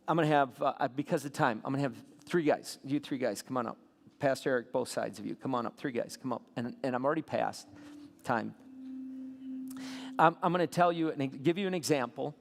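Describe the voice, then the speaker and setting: A man preaching a sermon as a pastor, telling a story with lively swings between soft asides and loud bursts. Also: fairly high pitch, gravelly. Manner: animated storytelling with sudden loud peaks. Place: church sanctuary. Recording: long hall reverb.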